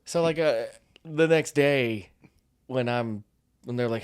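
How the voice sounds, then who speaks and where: A man's voice: medium pitch, moderate pace, vocal fry, a little mellow, no room sound, clean studio sound. A middle-aged man, a former Marine, co-hosting a podcast and telling stories casually, laughing often. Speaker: podcast co-host. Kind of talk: casual storytelling chat.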